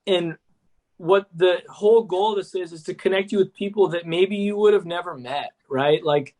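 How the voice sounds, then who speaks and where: A man's voice: high voice, normal speed, darkish tone. A man, an app co-founder, chatting enthusiastically and loosely on a podcast, full of "like" and "cool". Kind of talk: casual podcast chat.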